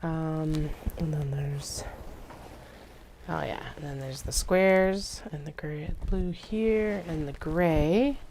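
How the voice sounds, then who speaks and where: A woman talks at a slow, easy pace in a slightly low voice while she works at her craft table. She chats casually with viewers and thinks out loud, muttering notes to herself and often trailing off into soft whispers. Faint noise sits behind her. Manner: chatty, laid-back, drifts into soft whispers. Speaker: craft livestream host. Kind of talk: casual talk while working.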